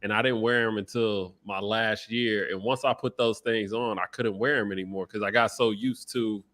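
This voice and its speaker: A former pro basketball player talking in a laid-back, thoughtful way in casual podcast chat. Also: male voice, fairly low pitch, fairly even intonation, normal speed, a bit bright.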